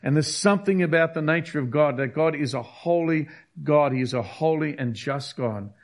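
A man's voice: on the high side, moderate pace. A man preaching a sermon, emphatic and repetitive, hammering key phrases. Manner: emphatic, repeats key phrases, acts out quotes.

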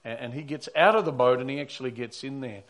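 A man preaching a Sunday sermon in a conversational way, swinging between loud emphatic lines and quiet asides. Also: mid-range voice, fast. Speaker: pastor.

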